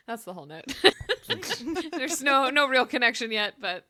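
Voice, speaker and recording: A woman's voice: a little high, sing-song, moderate pace, sharp tone. A woman co-hosting a book club podcast, chatting animatedly, laughing and reading out her notes. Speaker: podcast co-host. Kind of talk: casual book club chat.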